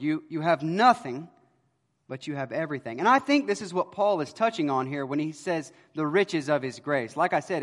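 A pastor preaches an earnest sermon in a fairly high voice that swells loud on key words, then drops to a hush. A long reverb carries his words through the church sanctuary.

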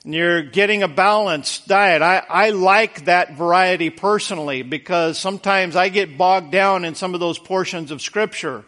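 A man's voice: high-pitched, moderate pace, hardly any pauses, pushed and bright. A man preaching a conversational sermon in an earnest, folksy way, repeating words for emphasis.

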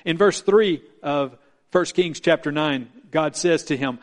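A man preaching a sermon as pastor, earnest and measured, slowing down to stress key points. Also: a little high. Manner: earnest preaching with emphatic slowdowns.

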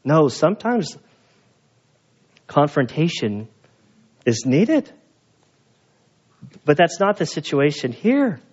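A man preaching a sermon as pastor, telling stories in an animated way and acting out the voices of the people in them. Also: a little high, slow, long pauses, breathy edge, highs cut off. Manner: animated storyteller, acts out quoted voices. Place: church.

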